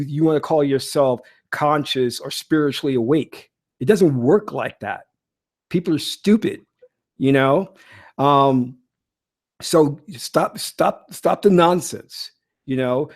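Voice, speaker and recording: A man talking as a spiritual teacher in a casual monologue, telling stories in an animated, blunt and preachy way, with many fillers and restarts. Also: fairly high pitch.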